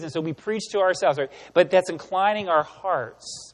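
Guy preaching a sermon, kinda high voice, lots of rhetorical questions, big echoey church sound. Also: normal speed, hardly any pauses. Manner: animated, emphatic, rhetorical questions. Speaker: pastor. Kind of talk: sermon teaching.

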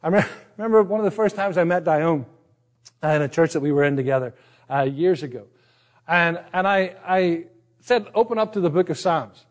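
Middle-aged Northern Irish pastor, conversational. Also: male voice, fairly high pitch, expressive, moderate pace. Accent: Northern Irish, partly Americanized. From Northern Ireland. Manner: conversational, self-deprecating, with frequent restarts. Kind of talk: sermon.

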